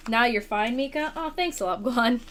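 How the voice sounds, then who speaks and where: A woman's voice: a little high, moderate pace, fairly bright tone. A young woman streaming a video game late at night, chatting casually with a playful, self-deprecating manner.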